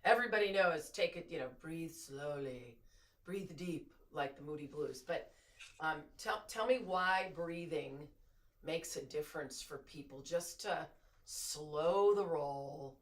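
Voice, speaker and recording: A man interviewing a guest in a relaxed, casual way, with pauses and fillers. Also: a little high. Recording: distant from the mic.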